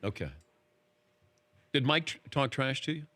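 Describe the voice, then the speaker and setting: Lively-voiced male interviewer. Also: mid-range voice, background noise. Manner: quick, probing questions, easy laughter. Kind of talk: casual interview.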